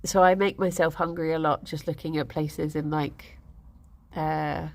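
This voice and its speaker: A woman's voice: deep voice, steady tone, measured pace, vocal fry. A young woman, chatting casually on a stream and telling rambling stories with lots of giggles. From England. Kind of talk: casual chat.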